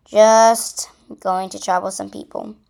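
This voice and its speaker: A woman's voice: medium pitch, little pitch movement, slow, vocal fry, warm tone. A woman voicing a scheming, hungry male crow in a read-aloud storybook, talking slyly and bossily. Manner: sly, bossy.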